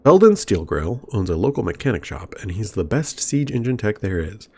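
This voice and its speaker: A man reading the lines of a busy male dwarf tool merchant from a game, brisk and matter-of-fact. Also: fairly low pitch, sing-song, darkish tone, breathy edge, exaggerated voice.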